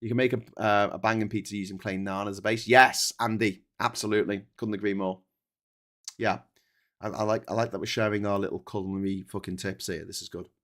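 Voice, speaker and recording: A man's voice: fairly low pitch, steady tone, a little fast, fairly bright tone. A man hosting a casual livestream chat, rambling and sweary, often tagging on "right?". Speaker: host.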